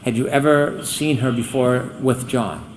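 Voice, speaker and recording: A man's voice: mid-range voice, fairly even intonation, slight background noise, low-quality recording. Man questioning a witness in court. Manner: measured, methodical questions. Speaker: trial attorney.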